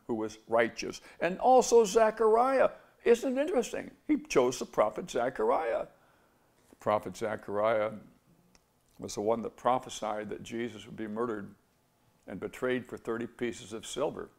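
Gravelly male Bible teacher, earnest preacher, fond of rhetorical questions. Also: mid-range voice.

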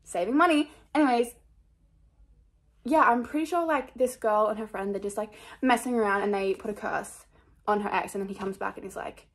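A woman's voice: on the high side, fast talker, breathy edge. A young woman chatting casually about her book picks in a rambling, scattered, self-mocking way, full of fillers. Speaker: book vlogger. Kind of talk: casual chat.

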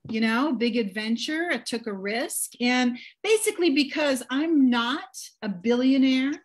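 A middle-aged woman from New York delivers dry stand-up jokes slowly and calmly. Her voice sits a little high. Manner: wry, unhurried delivery. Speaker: stand-up comedian. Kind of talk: stand-up set.

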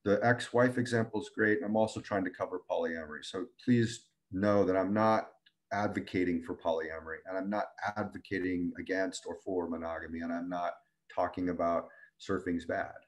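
Male relationship coach, lower voice, earnest teaching tone. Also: fairly even intonation, normal speed. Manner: earnest, acts out partners' words in quoted voices. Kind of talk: teaching an online class.

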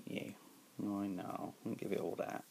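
A man's voice: fairly low pitch, steady tone, measured pace, vocal fry, a little mellow, slight background noise. A man chatting affectionately to his pet and to the camera at home, recorded on a tablet, still in bed early in the morning, laughing often. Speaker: pet owner vlogger. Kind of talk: casual home video chat.

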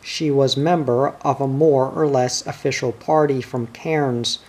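A man's voice: mid-range voice, steady tone, a little slow, a little mellow, close to an everyday voice. A man reading the part of a fussy, educated schoolmaster who scolds his friends, in an audiobook. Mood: exasperated. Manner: prim, scolding.

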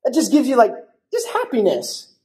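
A young man preaching a church sermon, telling a story in a lively, casual way and acting out the voices of people in it. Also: extremely high pitch, normal speed. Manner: animated storytelling with acted-out voices. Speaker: pastor.

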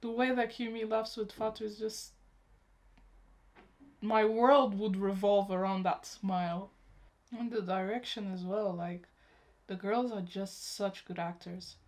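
A woman's voice: medium pitch, steady tone, measured pace, a little mellow. A young woman hosting a reaction vlog, gushing and emotional as she talks to her viewers like friends. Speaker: YouTube reaction host. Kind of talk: excited casual reaction vlog.

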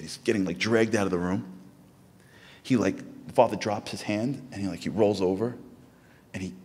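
A man giving an inspirational sermon in a synagogue, telling stories with rising, animated energy. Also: low-pitched, big-room sound. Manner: storytelling, builds to loud animated peaks. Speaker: speaker at a Tisha B'Av program. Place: synagogue hall.

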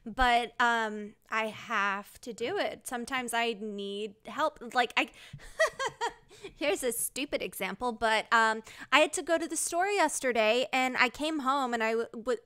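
A woman's voice: on the high side, lively intonation, measured pace, pushed and bright, smooth. A woman in casual chat, candid and laughing often, trailing off mid-thought.

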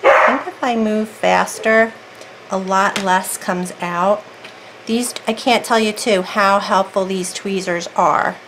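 A craft video creator talks to herself as she works through a casual tutorial, thinking aloud in a chatty, rambling way. Her mid-range voice stays steady and slow, with faint noise in the background.

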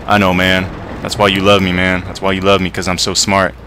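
A man's voice: sits low, completely flat delivery, a little fast, bright, forceful tone, slight background noise. A man voicing a laid-back terrier dog puppet who talks in drawling dude-bro slang. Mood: smug. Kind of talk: comedic gaming commentary.

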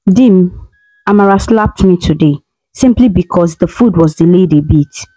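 Woman reading as a tearful, pleading young wife, mellow tone, dry sound. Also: on the low side, a little slow, dry recording, poor audio. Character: young wife, heartbroken and wronged.

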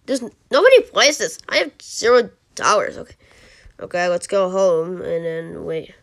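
A channel host giving rambling commentary on a mobile game, who yelps and groans at misses. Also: female voice, on the low side, very animated, normal speed, creaky, fairly bright tone. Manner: rambling, restarts sentences.

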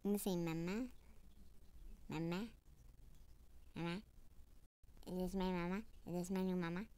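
A woman's voice: fairly low pitch, little pitch movement, racing, mellow, smooth. A woman giving casual, playful commentary on her own gameplay. She repeats short phrases over and over as she types them, and sometimes drops into a whisper. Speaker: gamer narrating her own play.

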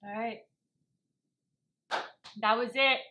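A woman's voice: fairly high pitch, steady tone, slow, muffled recording, a little hiss or hum. A young woman co-hosting a casual mukbang vlog, bubbly and a little bossy as she runs the burger ratings. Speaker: vlog co-host.

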